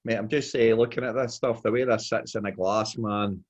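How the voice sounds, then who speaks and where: A man's voice: on the low side, brisk. Laid-back Glaswegian man calling everyone mate. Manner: laid-back, chatty, peppers talk with "mate" and "aye". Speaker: podcast co-host. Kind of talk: casual beer review chat.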